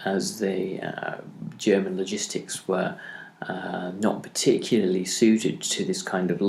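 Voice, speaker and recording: Halting lower-voiced man lecturing history. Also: gravelly, darkish tone. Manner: halting, many ums and uhs. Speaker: history podcast host. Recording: roomy echo.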